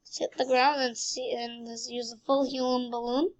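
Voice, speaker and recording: A woman's voice: high voice, little pitch movement, moderate pace. A woman giving silly, rambling gameplay commentary, full of sound effects and goofy asides.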